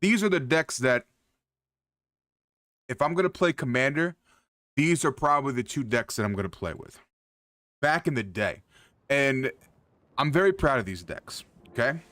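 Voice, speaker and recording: A man's voice: mid-range voice, expressive, normal speed, long pauses, fairly bright tone, no room sound, studio quality. Hyped-up male streamer, loose and profane. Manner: hyped, loose and profane, talks straight to the chat. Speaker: streamer host. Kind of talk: casual livestream chat.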